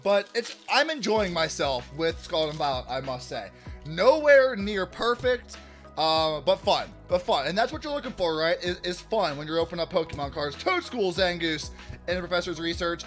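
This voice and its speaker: A man hosting a casual card-opening vlog, chatty and upbeat, shouting out big pulls and often restarting his sentences. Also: sits high, sing-song, moderate pace, faint music behind. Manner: chatty, hypes big pulls loudly, self-correcting restarts. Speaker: card-opening channel host.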